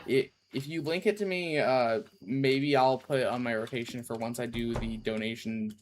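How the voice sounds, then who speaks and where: A man's voice: mid-range voice, normal speed, a little hiss or hum. Rambling man streaming a farm game. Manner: rambling, self-interrupting, goofy asides. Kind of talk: casual chat while gaming.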